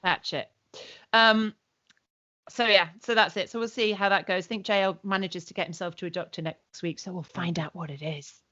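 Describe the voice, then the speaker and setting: A woman's voice: on the low side, steady tone, moderate pace, pushed and bright, dry recording, highs cut off. A woman co-hosting a casual podcast, blunt and sweary, recapping shows with quoted asides. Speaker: podcast co-host. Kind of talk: casual chat.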